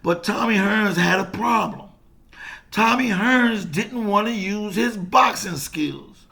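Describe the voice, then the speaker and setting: An older man and boxing coach, telling a story in an animated way, repeating himself and swearing freely. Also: high-pitched, gravelly. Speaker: boxing coach and former fighter. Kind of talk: casual boxing talk to camera.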